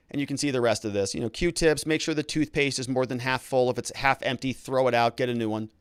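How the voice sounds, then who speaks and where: A male legal commentator talks with a lively, swooping pitch, going from wry asides to mock outrage as he reads documents aloud. His voice sits at a mid pitch. The room sounds dry and close to the mic. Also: dry recording. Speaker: lawyer and legal commentary host.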